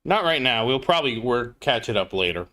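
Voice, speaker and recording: Lively, bright-voiced man streaming a game. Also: mid-range voice, fairly quick. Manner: chatty, greets chat viewers by name. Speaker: gaming livestreamer. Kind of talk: casual gameplay commentary.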